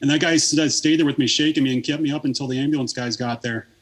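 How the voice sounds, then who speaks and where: A man's voice: medium pitch, fairly even intonation, fast. A man in his thirties, a podcast guest, telling a long story in casual, rambling talk full of swearing and fillers.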